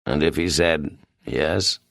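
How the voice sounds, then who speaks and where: Man doing a gravelly, measured British detective, lower voice, dry audiobook sound. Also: a bit bright, no room sound, exaggerated voice. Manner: slow, measured accusation. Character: calm, probing British police detective.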